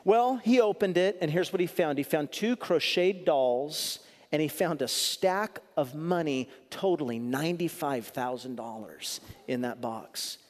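A male pastor preaching a sermon in a church, moving between loud punchy lines and soft, earnest asides as he tells a story. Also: a little high, a little slow, in a large hall.

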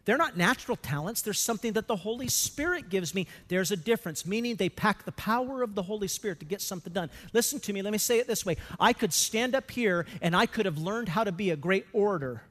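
A man preaching a sermon as a pastor, animated and swinging between loud emphasis and hushed asides. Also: sits high, fast talker, hardly any pauses. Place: church sanctuary. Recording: long reverb of a church hall.

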